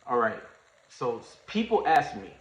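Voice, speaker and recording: A man telling a story in a casual livestream, animated and slangy, acting out what others said. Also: mid-range voice, a little slow. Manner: animated storyteller, acts out quoted voices, Southern US slang. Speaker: trading streamer. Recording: echoey room, dull lo-fi sound.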